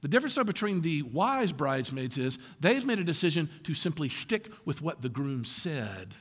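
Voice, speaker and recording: A man preaching a sermon to a congregation, animated and full of rhetorical questions, often laughing through his lines. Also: a little high, moderate pace, hardly any pauses, breathy edge, big-room sound. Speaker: pastor.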